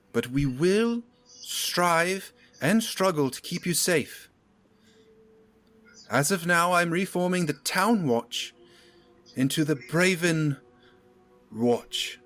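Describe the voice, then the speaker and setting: A man's voice: on the high side, expressive, takes it slowly, pauses often, a bit bright, voice pushed up. A man voicing a commanding female town leader in a tabletop game, giving a stately, solemn rallying speech. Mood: stirring, solemn.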